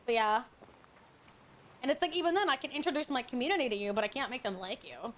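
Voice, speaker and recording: High-voiced, profane woman streamer. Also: lively intonation, fast, a bit bright, slight background noise. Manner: chatty, profane, greets chatters affectionately. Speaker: VTuber streamer. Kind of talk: casual gaming stream chat.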